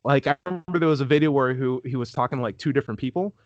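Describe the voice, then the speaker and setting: A man's voice: mid-range voice, racing, no echo, dull audio. Young man, california-raised, casual interview guest, filler-heavy delivery, dry sound, video call. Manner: rambling, lots of "like", acts out quoted voices. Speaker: street epistemologist guest.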